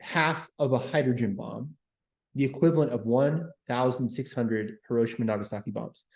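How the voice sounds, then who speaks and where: A man's voice: mid-range voice, normal speed, creaky, a little mellow, echoey room. A man hosting a history livestream, chatting with viewers and repeating words as he talks. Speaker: host. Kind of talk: livestream history talk, reading chat.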